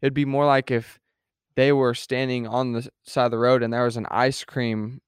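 A man's voice: medium pitch, level tone, normal speed, clear, resonant tone, no echo, studio quality. A man co-hosting a podcast who talks in a rambling, casual way, restarting sentences and acting out little quoted scenes. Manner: rambling with many restarts, fillers and acted-out quotes. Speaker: podcast co-host. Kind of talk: casual faith discussion.

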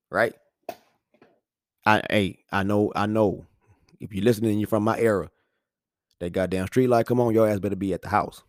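Man, thirties, lively storyteller on a podcast mic, dry close sound. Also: deep voice, moderate pace, pauses often, no echo. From Houston, Texas. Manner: animated storytelling, acts out voices, laughs often. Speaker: podcast talker. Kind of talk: casual monologue. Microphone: studio microphone.

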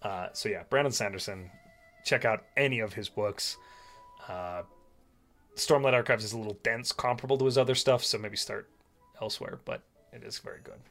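A man chatting casually as a podcast co-host and game master, relaxed and rambling with lots of filler words. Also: lowish voice, moderate pace, faint music behind. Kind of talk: casual chat.

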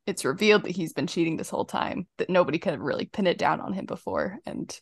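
A young woman hosting a casual podcast chat, retelling stories in an animated way with quick laughs. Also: lowish voice, slightly rough, no echo. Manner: animated storytelling, acting out quotes with frequent laughter. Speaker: podcast host.

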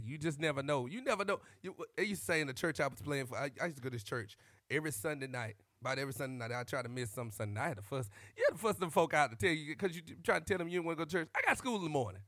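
A man vlogging into a close microphone, joking and riffing like a preacher, animated and shouting at times and calling out to y'all. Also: a little high, rapid-fire, no echo. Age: adult. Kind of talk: comic monologue with preacher-style riffs.

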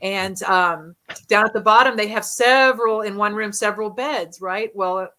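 Bright, animated woman podcast host. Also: mid-range voice, normal speed, poor audio. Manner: animated storyteller, laughs often. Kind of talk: casual chat.

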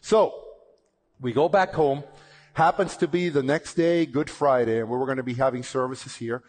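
A man's voice: mid-range voice, moderate pace. A middle-aged man telling a personal testimony in a casual, conversational way, with frequent restarts. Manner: lively, conversational retelling with repeated "and, and" restarts. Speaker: speaker sharing a personal testimony.

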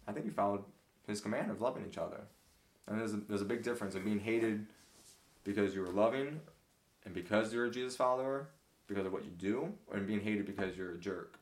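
A man's voice: lowish voice, brisk, echoey room. A man leading a casual Bible study discussion, talking earnestly and acting out preachy voices.

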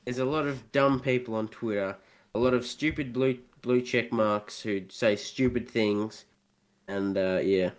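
A man's voice: medium pitch, steady tone, unhurried. A young man co-hosting a casual podcast, giving offhand, laid-back answers. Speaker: podcast co-host.

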